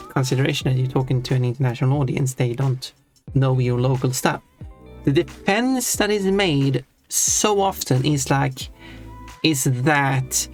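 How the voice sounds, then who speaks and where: Streamer, rambling casual live-stream chat, mid-pitched, faint music underneath. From Sweden. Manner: rambling, restarts often, laughs at own points.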